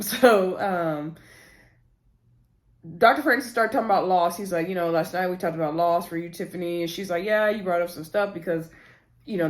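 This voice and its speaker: A woman casually recapping a reality TV episode, chatting to viewers as "y'all" and retelling scenes through quoted lines. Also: fairly low pitch. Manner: retells scenes by quoting cast members.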